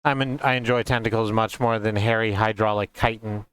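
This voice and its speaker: A man's voice: fairly low pitch, fairly even intonation, fairly quick, a bit bright, smooth, no echo. A man streaming a game playthrough, joking and swearing as he goes. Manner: joking, swearing, self-mocking.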